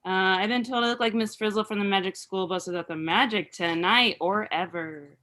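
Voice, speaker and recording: A woman comedian talks through her stand-up set over a video call, rambling and halting with plenty of filler words. Her voice is bright and sits at a mid pitch.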